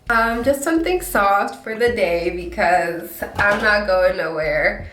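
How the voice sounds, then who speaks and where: A woman's voice: medium pitch, animated, slow pace, fairly bright tone, echoey room, far from the mic, a little hiss or hum. Stuffy-nosed young woman chatting, congested. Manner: chatty, self-deprecating, apologetic. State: breathing hard. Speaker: beauty vlogger. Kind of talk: casual get-ready-with-me vlog.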